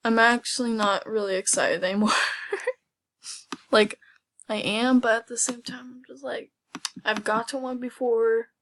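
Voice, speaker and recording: Female gaming vlogger, slightly high, slow talker, giddy reactions, frequent whispers. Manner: excitable, often drops to a whisper. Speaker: gaming video host. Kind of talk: casual gameplay commentary.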